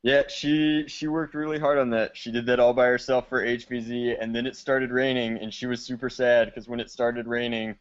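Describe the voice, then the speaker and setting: A man's voice: medium pitch, little pitch movement, normal speed, few pauses, smooth. A young man co-hosting a casual podcast, telling stories in a laid-back, wry way. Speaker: podcast co-host. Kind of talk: casual chat. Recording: slightly dull lo-fi sound.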